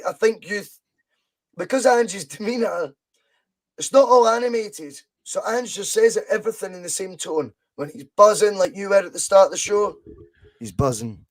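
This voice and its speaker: A Scottish man in his thirties with a high voice rattles on in a casual podcast, excitable and sweary. He drifts from point to point over a video call. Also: moderate pace, poor audio. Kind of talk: casual football podcast chat.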